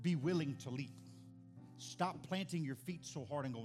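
A pastor, preaching and telling stories in an animated, excited way. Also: male voice, on the high side, normal speed, faint music behind. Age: 40s. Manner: animated storytelling, builds to excited shouts. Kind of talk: sermon.

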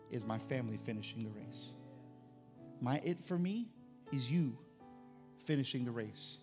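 A middle-aged man, a pastor preaching a sermon to his church, building to loud, emphatic repeated phrases. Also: mid-range voice, moderate pace, soft background music. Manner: rising to loud emphatic repetition. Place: church service.

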